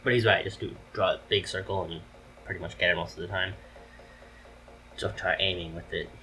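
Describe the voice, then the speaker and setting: A man's voice: low-pitched, fairly even intonation, a little fast, sharp tone, low-quality recording. A man casually commenting on a video game as he plays, joking and sarcastic. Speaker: let's play commentator.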